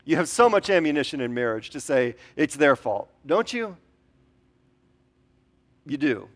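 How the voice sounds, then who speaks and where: A man's voice: a little high, very animated, measured pace, fairly bright tone. Male pastor, conversational sermon delivery, rhetorical questions to the congregation, casual filler words.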